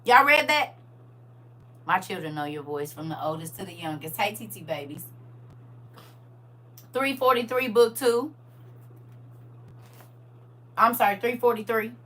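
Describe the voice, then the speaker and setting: A woman's voice: mid-range voice, animated, measured pace, long pauses, bright, forceful tone. A middle-aged woman, chatting with listeners while leading a casual online Bible study. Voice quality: raspy. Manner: chatty, laughs often, talks to listeners directly. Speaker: online scripture study host.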